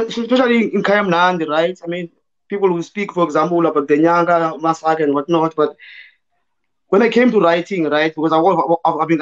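A man from South Africa with a hoarse voice, talking loosely about his writing as a guest in an online panel, full of fillers like "you know" and "man". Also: a little high, highs cut off. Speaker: guest poet. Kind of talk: casual conversation in a virtual panel.

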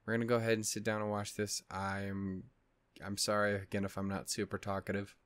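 A man's voice: fairly low pitch, completely flat delivery, fairly quick, a bit bright, dry recording. Tired, swearing man in a dry close-mic vlog. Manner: tired, upset and swearing, rambling with restarts. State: tired, yawning. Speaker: anime reaction channel host. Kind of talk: casual reaction vlog chat.

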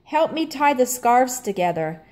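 A woman voicing a helpful, quick-thinking young boy in a storybook read-aloud. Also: on the high side, big pitch swings, a little mellow. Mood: eager.

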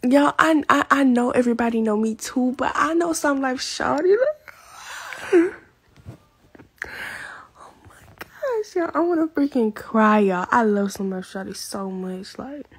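A teenage girl chatting in a casual vlog from her bedroom, gushing, excitable and slangy as she talks to her viewers. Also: high voice, measured pace, long pauses, breathy edge. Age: teens. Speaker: vlogger.

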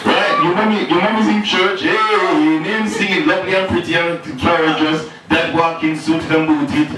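A man performing a stand-up comedy set in a lounge bar, talking in an animated, playful way. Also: fairly high pitch, normal speed. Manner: animated, playful, slips into exaggerated Jamaican-style lines. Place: lounge bar with live audience. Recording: echoey bar room, far mic, noisy.

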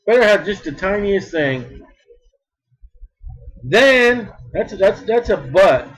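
A man delivers a sermon with emphatic force, repeating words and lurching from loud bursts to soft asides. His voice sits high and is very animated, though his pace is slow. The audio quality is poor.

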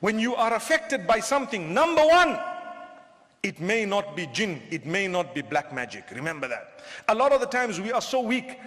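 High-voiced male preacher in a reverberant hall. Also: moderate pace. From southern Africa. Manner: animated, humorous, talks directly to the crowd. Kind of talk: lecture to a live audience.

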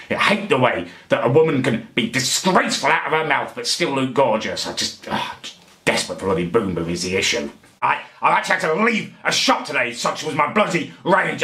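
A man's voice: a little high, bright, forceful tone, reverberant. An English man ranting to camera in a comic, indignant, exasperated way. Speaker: vlogger. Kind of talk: comedic rant to camera.

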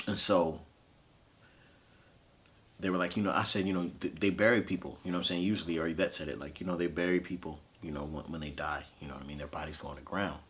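A man in his thirties, a podcast host, telling a personal story of grief in a halting, emotional way with frequent fillers. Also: extremely low pitch, fairly bright tone. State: grieving.

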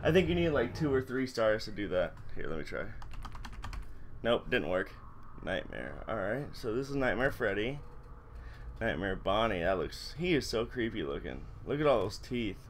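Excitable man hosting a game playthrough. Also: lowish voice, normal speed, a little hiss or hum. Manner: excitable, talks to viewers, shouts when winning. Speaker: gaming channel host. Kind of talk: let's-play commentary.

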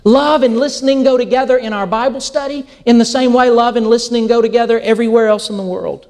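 Speaking quickly in a very high voice, this middle-aged man preaches as a pastor. His sermon is full of lively storytelling, and he performs the quoted dialogue himself.

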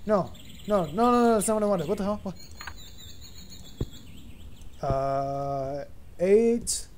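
A man's voice: sits high, lively intonation, slow pace, a little mellow, a little hiss or hum. A man giving casual gameplay commentary, thinking aloud, unsure of himself and swearing casually. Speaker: gaming YouTuber.

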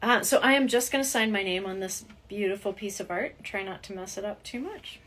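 A middle-aged woman chats casually during a live autograph stream, reading viewer comments aloud. Her voice is bright and somewhat husky, with mid-range pitch. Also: fairly quick. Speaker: voice actress signing autographs.

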